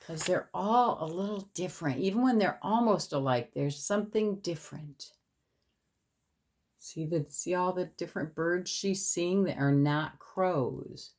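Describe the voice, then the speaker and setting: A woman reading a children's picture book aloud in an expressive way, and then talking about the birds in it. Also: lowish voice. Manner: expressive, slow and lively.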